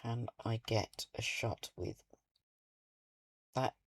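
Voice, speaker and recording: A British gaming video creator offers casual commentary over a train simulator game. His medium-pitched, slightly bright voice muses aloud slowly and thoughtfully as he plays.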